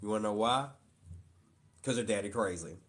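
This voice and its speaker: A playful father chats on a casual live stream, teasing gently and joking along. He keeps speaking straight to his viewers, calling them "y'all". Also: fairly low pitch, moderate pace.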